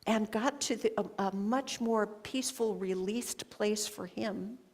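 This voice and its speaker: A woman giving a sermon at a church, telling a personal story in a slow, reflective way with long pauses. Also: mid-range voice, darkish tone. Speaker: guest speaker. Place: church sanctuary.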